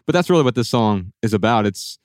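A man hosting a podcast, musing thoughtfully and trailing off softly as he asks about a song. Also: lowish voice, animated, fast talker, no echo, clean studio sound. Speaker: podcast host. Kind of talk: reflective interview talk.

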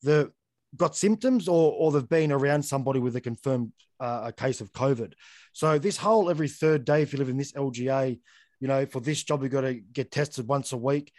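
A man's voice: medium pitch, fairly quick, a little mellow, no room sound. A man hosting an interview, talking bluntly and conversationally and often saying "mate". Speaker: podcast host. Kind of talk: casual interview chat.

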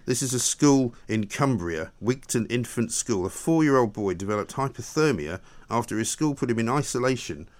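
A male talk radio host with a very lively, up-and-down voice. He chats conversationally in the studio, agreeing readily and reassuring his guest. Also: medium pitch, normal speed, few pauses.

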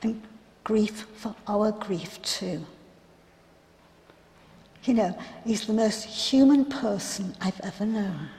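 A woman playing a grieving biblical sister in a first-person dramatic monologue, telling her story in an earnest, reflective, halting way. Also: mid-range voice, animated, warm tone. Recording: long hall reverb.

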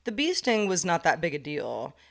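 Animated woman telling a story. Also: fairly low pitch, normal speed, creaky. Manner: animated storyteller, acts out quotes. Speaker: podcast co-host. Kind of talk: casual chat.

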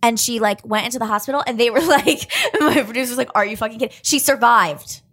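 A woman co-hosting a casual chat podcast, telling stories in a chatty way with lots of fillers and quick laughs. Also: fairly high pitch, a bit bright.

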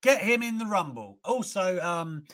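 A young man co-hosting a casual livestream, animated and quick to read out viewer messages. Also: high voice. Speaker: co-host of a wrestling livestream.

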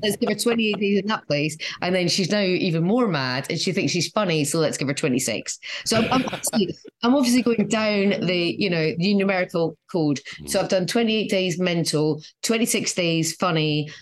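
A woman's voice: lowish voice, normal speed, hardly any pauses. A middle-aged Scottish woman, a guest comedian in a casual chat, chatty and self-mocking, often laughing. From Scotland.

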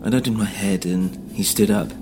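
Low-voiced man narrating a dark drama. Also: over music. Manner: tense, measured storytelling. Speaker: narrator and host. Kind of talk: scripted first-person audio drama narration.

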